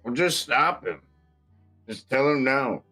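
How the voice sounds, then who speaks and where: A man's voice: mid-range voice, lively intonation, slow pace, sharp tone, husky, faint music behind. A man playing a tabletop game, talking in a brash, pushy, teasing way. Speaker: player. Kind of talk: casual tabletop game chat.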